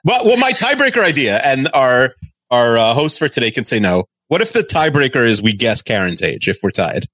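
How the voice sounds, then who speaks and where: A man's voice: medium pitch, very animated, fairly quick, a bit bright, no echo. A man co-hosting a podcast in casual banter, eagerly proposing ideas. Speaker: podcast co-host and contestant.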